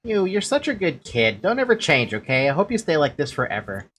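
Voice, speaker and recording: A woman voicing a caring teenage big sister who gently teases, read from game dialogue. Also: deep voice, very animated, fairly quick. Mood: tender. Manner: tender, teasing. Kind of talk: reading game dialogue aloud.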